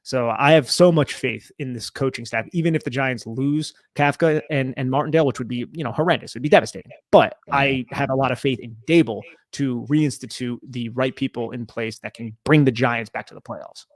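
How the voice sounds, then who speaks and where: A man's voice: mid-range voice, brisk, hardly any pauses, dry recording. A young man with a mid-range voice co-hosts a casual sports podcast. He walks through game film in a loose, conversational way and laughs easily. The recording is dry and close. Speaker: podcast co-host.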